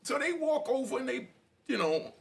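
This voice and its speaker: A middle-aged man, a podcast host telling a street story in an animated, slangy way. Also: very high voice, moderate pace, gravelly. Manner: animated, slangy, frequent "you know".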